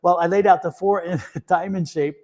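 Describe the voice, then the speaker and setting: Man, tarot host, high voice, rambling, chatty, laughs a lot. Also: steady tone, brisk, a little mellow. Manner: rambling storyteller with many restarts and fillers; laughs easily. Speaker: tarot reader and show host. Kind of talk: casual live-stream chat.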